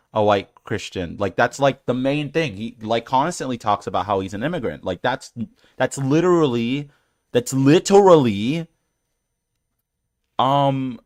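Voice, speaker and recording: A man's voice: medium pitch, fairly bright tone, no room sound, studio quality. A man hosting his own channel, rambling through a casual rant with many fillers and restarts, sounding exasperated and incredulous. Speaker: channel host. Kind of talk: casual rant reacting to comments.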